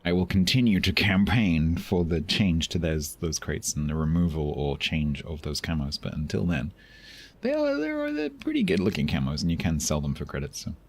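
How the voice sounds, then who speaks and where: A man's voice: deep voice, sing-song, normal speed. A man with a Southeast English accent, from London, chatting casually while streaming a game, rambling along with dry joking asides. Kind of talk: casual live-stream chat.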